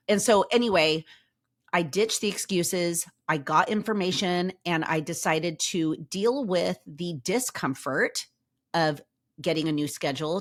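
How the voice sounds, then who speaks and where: A middle-aged woman hosting a podcast, telling her own story to listeners in a lively, emphatic way and acting out what people said. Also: lowish voice. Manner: lively, emphatic, acts out quoted remarks. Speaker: podcast host.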